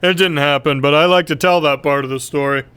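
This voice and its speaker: A man's voice: on the high side, fairly even intonation, brisk, fairly bright tone. A man running a tabletop game as game master, laid-back and joking.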